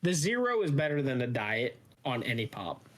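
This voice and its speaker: A Midwestern man co-hosting a podcast in loose, rambling banter. His voice sits at a middling pitch. He swears freely and stretches his stories out. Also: sing-song, normal speed. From American Midwest. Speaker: podcast co-host. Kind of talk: casual banter.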